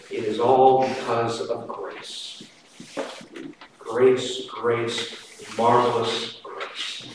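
A man preaching a sermon slowly and emphatically, his voice swinging from loud to quiet. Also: medium pitch. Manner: slow, emphatic preaching with dramatic swings in loudness. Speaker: pastor. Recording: echoey hall, distant mic, faint noise.

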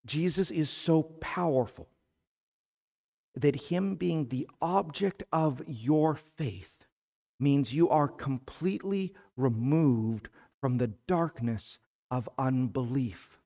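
A man preaching a sermon as pastor, slow and emphatic, building to fervent peaks. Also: fairly high pitch, gravelly, dark tone. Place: church sanctuary. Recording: long hall reverb.

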